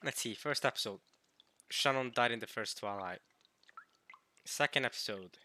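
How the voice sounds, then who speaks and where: A man with a very bright, forward voice comments casually as he plays through a visual novel. He thinks aloud, often sounds puzzled, and keeps breaking off and restarting his sentences. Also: mid-range voice, moderate pace. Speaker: let's play host.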